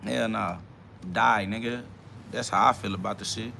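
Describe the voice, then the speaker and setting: A man hosting a self-talk podcast, ranting loudly and boastfully in profane slang and mockingly imitating other people's questions. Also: medium pitch, unhurried, vocal fry, slight background noise. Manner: loud, boastful, swearing slang rant with bursts of laughter. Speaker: podcast host.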